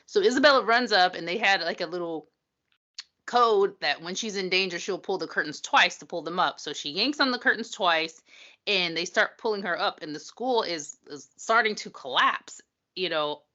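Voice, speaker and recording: A woman's voice: lowish voice, normal speed, highs cut off. A woman co-hosting a podcast, recapping a TV episode in casual chat and acting out quotes. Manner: animated, acts out quotes, swears. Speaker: podcast co-host.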